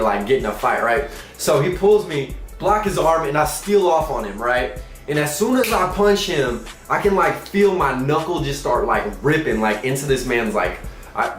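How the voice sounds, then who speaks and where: A young man telling a comic personal story, animated and profane, acting out quotes in shifting voices. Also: mid-range voice, echoey room.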